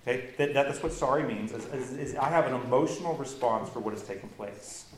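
A man's voice: mid-range voice, a little fast, echoey room, rough recording. A man preaching a sermon as pastor, earnest and emphatic, building intensity as he makes his points.

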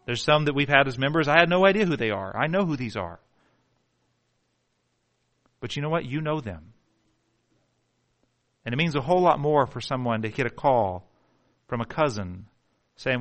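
Impassioned man preaching, bright forceful voice. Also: mid-range voice, lively intonation, normal speed, long pauses. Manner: impassioned preaching, swings from hushed to shouting; repeats words and stumbles when worked up. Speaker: pastor. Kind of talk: sermon.

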